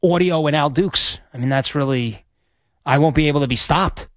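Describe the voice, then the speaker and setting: A man with a fairly high voice rambles on as a sports radio host, chatty and self-deprecating. His voice is close and dry, with no room sound around it. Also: normal speed, dry recording. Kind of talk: casual radio chat. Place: radio studio.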